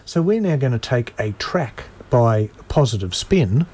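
Male radio presenter, husky voice, easygoing dry studio chat. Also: medium pitch, sing-song, unhurried, a little mellow. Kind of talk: community radio sports chat.

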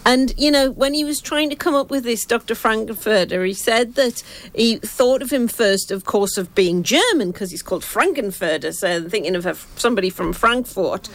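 A woman's voice: fairly high pitch, moderate pace. A woman hosting a radio talk show, chatting in a rambling way and laughing often. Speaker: radio host. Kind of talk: casual chat.

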